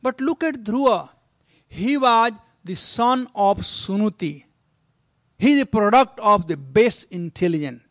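High-voiced man telling a sermon story. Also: expressive, a little slow, fairly bright tone, no room sound, studio quality. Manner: earnest, exhorting. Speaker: preacher.

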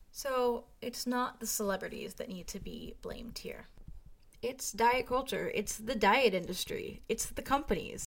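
A young woman vlogging, speaking candidly and with emphasis, firm in her opinions as she talks to her viewers. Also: on the high side. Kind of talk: casual commentary to camera.

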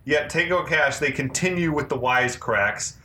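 A man's voice: a little high, normal speed, pushed and bright. A man co-hosting a podcast, recapping a movie scene by scene in casual chat, laughing often. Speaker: podcast co-host. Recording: echoey room with faint noise.

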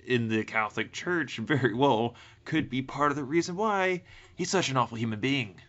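A man co-hosting a casual chat podcast, animated and playful in his manner. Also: mid-range voice, moderate pace, dull audio. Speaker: podcast co-host.

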